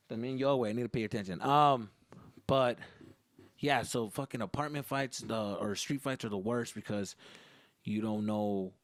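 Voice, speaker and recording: A man's voice: medium pitch, dry recording, clean studio sound. A young man hosting a podcast, telling stories in casual, profane English with Spanish slang mixed in, acting out the voices of the people in them. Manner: profane, animated, acts out other voices. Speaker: podcast host. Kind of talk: casual storytelling monologue.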